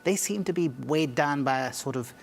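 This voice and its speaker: A male journalist guest in a studio interview, explaining his reasoning at an even, unhurried pace. He talks in a measured, analytical way, building each point step by step. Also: a little high.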